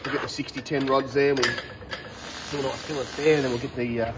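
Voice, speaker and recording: A man playing a fast-talking Australian welder. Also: mid-range voice, steady tone, lo-fi sound, background noise, lightly acted. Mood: laid-back. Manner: rattles off trade jargon, laid-back. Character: easygoing Aussie welder, adult man.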